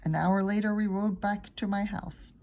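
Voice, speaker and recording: A woman teacher reading a children's chapter book aloud, expressive and acting out the characters. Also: mid-range voice, normal speed, a little hiss or hum. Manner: expressive, acts out each character.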